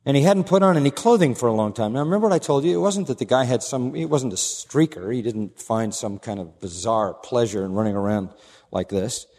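A male pastor delivering an expository sermon with emphatic, driving conviction, dropping low for asides and rising for key points. His mid-pitched voice carries a long reverb from a large church hall. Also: lively intonation, brisk, darkish tone. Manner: emphatic, swinging from low asides to raised declarations.

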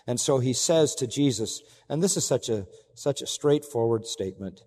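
A male pastor delivering an expository sermon at a middle pitch. He presses his points hard, climbing loud and high, then dropping low, and he keeps asking the congregation questions. The recording carries a long reverb tail from a large hall. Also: expressive, moderate pace, slightly rough. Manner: emphatic preaching with big swings in pitch and loudness.

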